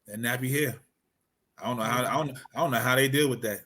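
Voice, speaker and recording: A man's voice: mid-range voice, quick pace. A man co-hosting a podcast in casual chat, explaining terms and asking questions. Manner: relaxed, explains and asks questions. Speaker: podcast co-host.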